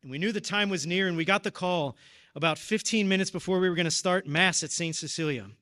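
A deacon or parish preacher in his thirties gives a personal testimony during a sermon, telling his story earnestly and emotionally. He talks fast in a high-pitched voice with a bright, forceful tone.

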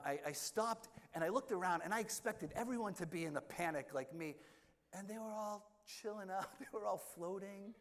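Self-mocking priest telling a story. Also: male voice, on the high side. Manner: self-deprecating humorous storytelling. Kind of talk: sermon storytelling. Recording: echoey hall with long reverb.

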